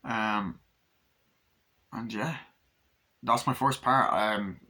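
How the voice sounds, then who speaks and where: A man's voice: on the low side, drawn-out words, bright, forceful tone, rough recording. A man casually reviewing a movie, rambling with lots of fillers and swearing as he retells scenes and acts out the characters' lines.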